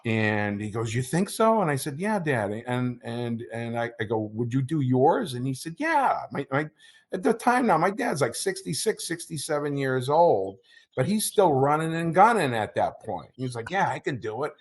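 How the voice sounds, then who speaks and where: A middle-aged man with a mid-range, very animated voice tells a personal story as an interview guest. He halts, repeats words, and his voice catches with emotion.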